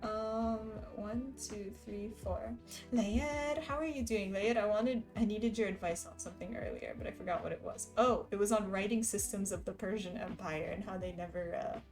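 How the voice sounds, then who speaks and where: A woman streamer talking casually with her chat, laughing often and reading messages aloud. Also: medium pitch. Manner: giggly, chatty, reads chat aloud.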